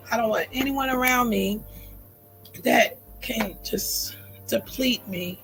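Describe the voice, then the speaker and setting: Earnest gravelly woman livestreaming. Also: mid-range voice, measured pace, a bit bright, soft background music, low-quality recording. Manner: earnest, heartfelt, repeats phrases for emphasis. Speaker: livestream host. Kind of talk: emotional personal livestream talk.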